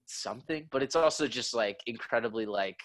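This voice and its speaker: A man's voice: medium pitch, fairly quick, a bit bright, slight background noise. A man co-hosting a podcast, chatting casually in a rambling, profane way. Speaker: podcast co-host. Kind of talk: casual chat.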